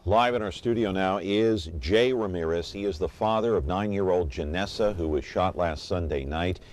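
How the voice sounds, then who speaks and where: A man with a very deep voice hosts a local talk show. He talks earnestly and directly to the viewers at home. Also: normal speed, darkish tone, slight background noise.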